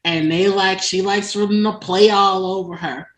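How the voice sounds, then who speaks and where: A woman's voice: medium pitch, steady tone, moderate pace. A woman chatting casually about a romance book, telling the story with lots of fillers and laughing asides. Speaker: book reviewer. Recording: echoey room.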